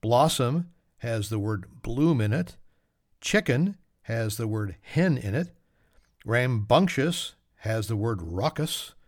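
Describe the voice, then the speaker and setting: A man's voice: mid-range voice, expressive, slow, no room sound, clean studio sound. A man hosting a solo trivia podcast, reading facts with joking, self-mocking asides. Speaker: podcast host.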